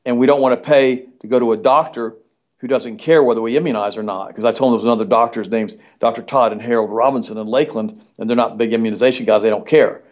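Fast-talking indignant man, dull audio. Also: mid-range voice, steady tone, darkish tone. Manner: emphatic, indignant, repeats "I said". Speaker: nutritionist guest. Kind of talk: heated storytelling in interview.

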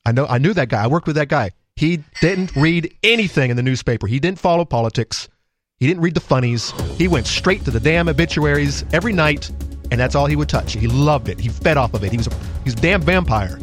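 A man's voice: a little high, expressive, fairly quick, music in the background. A man co-hosting a casual talk radio chat, ranting sarcastically and losing his voice.

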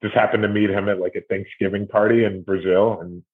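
A middle-aged man from Ohio, a documentary series host, telling stories in a rambling, animated way. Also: on the low side, brisk. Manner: rambling, animated retelling with acted quotes. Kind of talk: casual interview conversation. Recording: tinny phone-like audio.

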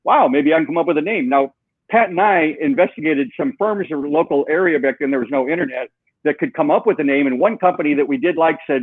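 A man tells a long story in an interview, acting out the voices of the people he quotes. His voice sits a little high. The sound is thin and tinny, as over a phone line, with no room echo. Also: fast. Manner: animated storyteller, acts out quoted dialogue. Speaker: guest, software co-founder.

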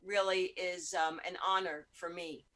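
A woman hosting an online chat show over a video call, effusive and animated, with frequent swearing. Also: lowish voice, a little slow. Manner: gushing, animated and profane. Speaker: host. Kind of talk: casual chat.

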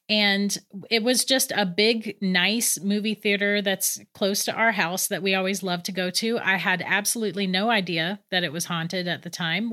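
A woman, probably in her thirties and a mother of three, chattily telling a true ghost story with quick laughs. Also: mid-range voice. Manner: chatty, animated, laughs between lines. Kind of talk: casual spoken ghost story.

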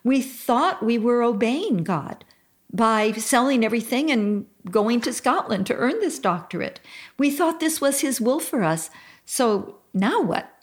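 A woman's voice: on the high side, animated. An older woman hosting a Christian advice talk, speaking in an earnest, heartfelt way. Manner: earnest and heartfelt, slow and deliberate; slow-paced. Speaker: radio show host.

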